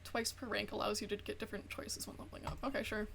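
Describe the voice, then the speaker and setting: Bright-voiced young woman streamer. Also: medium pitch, fast, vocal fry, slight background noise. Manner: animated, swears freely, heavy use of "like". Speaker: VTuber streamer. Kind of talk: casual chat while gaming.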